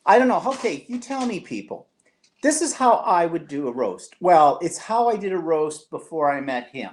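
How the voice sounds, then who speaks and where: A man's voice: fairly high pitch, sing-song, normal speed. Chatty man hosting live. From Canada. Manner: chatty and teasing, reads viewer comments aloud. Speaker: co-host of a live online show. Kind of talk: casual live-stream chat.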